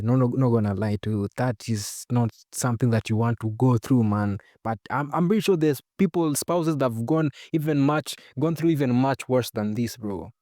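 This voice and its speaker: A man's voice: mid-range voice, no echo, clean studio sound. A man reacting to a story in casual slang, speaking straight to his audience. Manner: slangy, addresses the audience as ladies and gentlemen. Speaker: reaction host.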